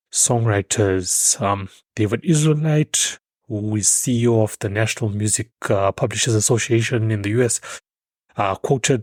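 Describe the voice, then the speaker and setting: A man's voice: lowish voice, dry recording. A man hosting his own podcast, talking loosely and emphatically with fillers and restarts. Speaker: podcast host. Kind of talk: solo podcast commentary.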